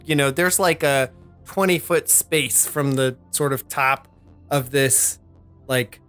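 A man's voice: mid-range voice, a bit bright. A man running a tabletop game as game master, rambling with many fillers. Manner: rambling, lots of "like" and "you know".

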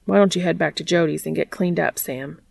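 A woman voicing a gruff, blunt adult male ghost hunter in a read-aloud story. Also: sits low, brisk, no echo, exaggerated voice. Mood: wry. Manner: blunt, wry.

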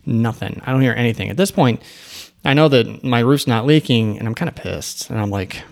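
A man's voice: medium pitch, fairly quick, gravelly. A man who owns an agency, telling a story in a casual, rambling way with asides and restarts. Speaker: agency owner.

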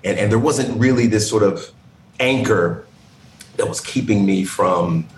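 A man from Indiana, a podcast guest, talking reflectively and haltingly from his living room over a video call. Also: fairly low pitch, roomy sound, a little hiss or hum, poor audio. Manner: reflective, hesitant, many restarts. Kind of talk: casual interview.

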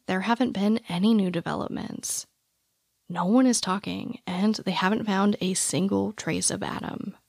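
Gravelly-voiced woman narrating softly. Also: medium pitch, no echo, clean studio sound. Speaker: podcast host. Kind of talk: scripted true-crime narration.

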